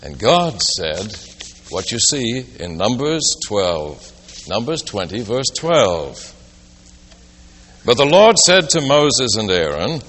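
Man preaching with a lively, reverberant voice. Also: fairly low pitch, slow pace. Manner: storytelling, poses rhetorical questions. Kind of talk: sermon. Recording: long reverb of a large hall.

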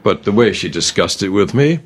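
An older man from England, an author and teacher, leading a gentle conversational Bible discussion. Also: lowish voice, lively intonation, brisk.

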